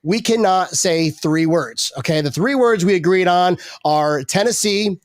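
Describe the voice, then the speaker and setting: High-voiced hyped-up male show host. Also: a little slow, no room sound, studio quality. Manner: hyped, energetic hype-man delivery with restarts. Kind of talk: live sports fan show hosting.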